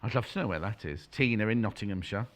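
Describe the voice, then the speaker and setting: A woman's voice: very deep voice, fast talker. A middle-aged woman presenting a live TV sewing demonstration as a quilting expert, chatty and bantering with crew and viewers.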